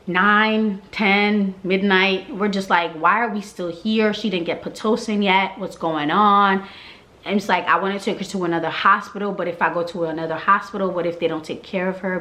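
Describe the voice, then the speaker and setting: A woman's voice: mid-range voice, fairly bright tone. A young woman telling her birth story in casual vlog style, acting out the people she quotes.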